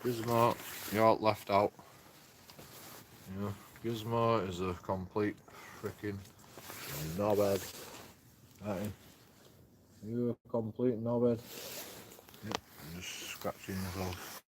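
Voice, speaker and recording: A man with a lowish voice, talking slowly and coaxingly to his dogs, his pitch swooping up and down. He switches between singsong pet talk and joking, sweary threats. The stream audio has noticeable background noise. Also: lively intonation. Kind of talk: casual chat with his pets.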